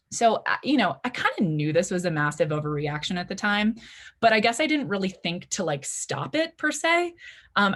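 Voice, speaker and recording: Lower-voiced young woman telling a story on stage, chatty, lots of "like"s. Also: a bit bright. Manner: chatty, full of "like" and "you know" fillers. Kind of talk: live story slam storytelling. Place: library event stage before an audience.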